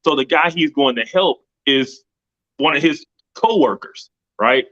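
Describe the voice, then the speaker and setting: A man's voice: on the high side, measured pace, a bit bright, highs cut off. A middle-aged man co-hosting a casual livestream discussion, retelling events in a rambling way with many restarts. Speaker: co-host. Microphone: video call.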